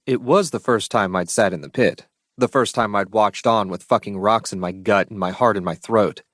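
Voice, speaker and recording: A man's voice: fairly low pitch, normal speed, fairly bright tone, dry recording, clean studio sound. Man narrating with blunt, profane edge. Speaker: audiobook narrator. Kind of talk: first-person audiobook narration.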